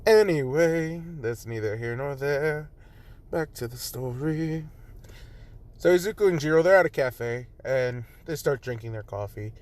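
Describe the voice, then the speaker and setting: A man's voice: medium pitch, measured pace. Rambling young man telling a story. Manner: rambling, filler-heavy, profane. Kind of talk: casual spoken fan story.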